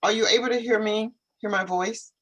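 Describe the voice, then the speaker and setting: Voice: mid-range voice, steady tone, a little fast, a bit bright, low-quality recording. An English teacher hosting a casual live stream over a video call, thinking aloud and repeating questions while fixing the setup. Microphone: computer video call.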